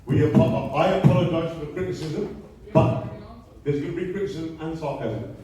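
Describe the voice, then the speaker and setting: A man's voice: fairly high pitch, moderate pace, dark tone. A man from England addressing a public meeting as a local resident, emotional and pleading, then angry and accusing. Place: large hall with a crowd. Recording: echoey hall from far off.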